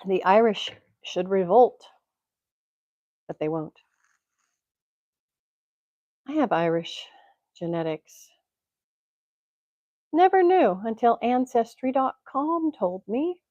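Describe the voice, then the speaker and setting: A woman's voice: on the high side, animated, slow, pauses often, dark tone, no room sound, dull audio. A woman from Tennessee hosting a casual livestream from home, chatting in a rambling way and laughing often. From Tennessee, USA. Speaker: livestream host. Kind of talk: casual chat. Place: home, indoors. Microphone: computer mic.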